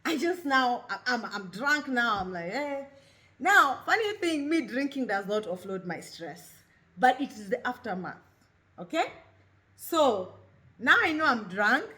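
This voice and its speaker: A woman's voice: fairly high pitch, sing-song, unhurried, bright, forceful tone. A Kenyan woman in her thirties hosting a talk show, speaking openly and expressively, mixing English with Swahili. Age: 30s. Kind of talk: candid personal monologue.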